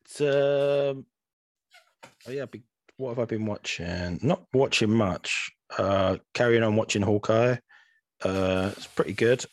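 A young man on a gaming podcast, his voice on the low side and recorded dry and close. He chats in a loose, laid-back way, often dropping "man" and the odd swear. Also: measured pace, no room sound. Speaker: podcast co-host. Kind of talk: casual chat. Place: home room, green-screen beach backdrop.

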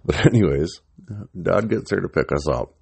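A man's voice: low-pitched, expressive, normal speed, creaky, a little mellow, breathy edge, no echo. A middle-aged man casually telling an old story, swearing freely and chuckling as he rambles.

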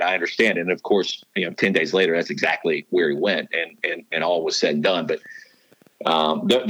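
A man with a fairly low voice tells old reporting stories in a loose podcast chat, circling back through restarts and fillers. The sound is dry and close, like a radio booth. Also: fairly bright tone, no echo, low-quality recording. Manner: rambling, full of restarts and fillers. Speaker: sports announcer and former beat reporter.

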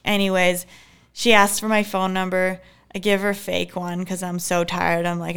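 A woman's voice: fairly low pitch, completely flat delivery, a little slow, fairly bright tone, smooth. A young adult woman telling a story as a podcast guest in a casual, chatty way, with lots of "like" and "anyways" and easy laughs.

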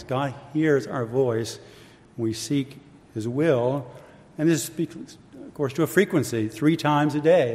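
A man delivering a sermon at a middle pitch, measured and reflective, turning now and then to casual asides. His voice carries a long reverb, as if heard in a church hall. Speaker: preacher.

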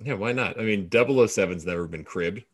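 A man's voice: on the low side, quick pace. A man co-hosting a casual movie-review podcast, teasing the others dryly and laughing often. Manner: dry teasing with frequent laughter. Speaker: podcast co-host.

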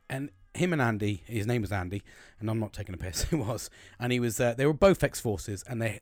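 A man's voice: mid-range voice, no echo. A British man in his forties rambling through a childhood story, swearing constantly and laughing as he goes. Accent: British English. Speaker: podcast host. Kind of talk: casual storytelling.

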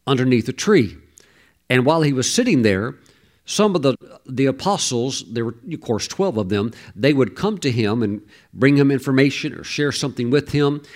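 Male preacher, emphatic sermon delivery, stammered restarts, sudden loud exclamations. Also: medium pitch.

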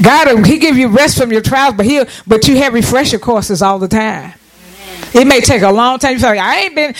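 In a rough recording, a very high-voiced preacher delivers an animated sermon full of call-and-response. He asks the congregation for amens and praise and often starts his phrases over as he works up his argument.

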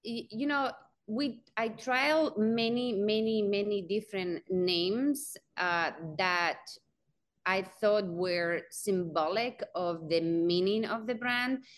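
A woman's voice: mid-range voice, slow. A woman talking as a guest in an interview, telling a personal story with animation and acting out the quoted dialogue. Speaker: guest, real estate company founder.

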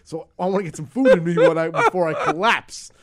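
Guest, middle-aged New man, fast animated yarn-spinner with a bit of a high voice. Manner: animated storyteller, swears freely, acts out voices. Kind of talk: casual storytelling interview.

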